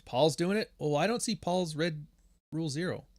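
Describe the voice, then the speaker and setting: A man's voice: a little high, animated, normal speed, no echo, studio quality. A man hosting a livestream podcast in casual chat, rambling and joking with plenty of swearing. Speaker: podcast host.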